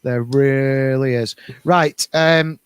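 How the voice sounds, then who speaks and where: A man's voice: medium pitch, steady tone, drawn-out words, clean tone, no room sound. A man co-hosting a casual podcast chat, reading out viewer comments in a jokey, self-mocking way.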